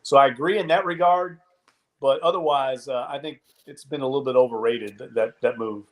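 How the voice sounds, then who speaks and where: Man breaking down football, measured. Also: mid-range voice. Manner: measured, analytical, frequent restarts. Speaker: podcast co-host. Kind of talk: casual sports talk.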